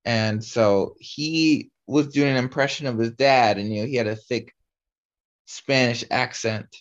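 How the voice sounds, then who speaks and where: A young man chatting on a casual podcast, talking around his point with many fillers and restarts. His voice sits at a middle pitch, and the audio is slightly dull and lo-fi. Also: a little slow. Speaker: podcast co-host. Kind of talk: casual chat.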